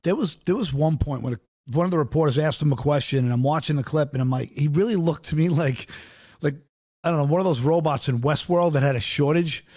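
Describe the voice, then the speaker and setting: A man's voice: a little high, fast talker, darkish tone. A man co-hosting a political talk show, rambling and filling his talk with "like". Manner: rambling, fills with "like". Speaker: co-host. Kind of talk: casual political banter.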